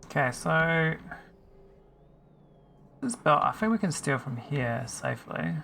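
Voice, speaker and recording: A man's voice: a little high, sing-song, slow pace, creaky, bright, forceful tone, slight background noise. A man streaming a game, chatting casually and teasing his viewers while he thinks aloud. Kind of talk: casual live-stream chat while playing.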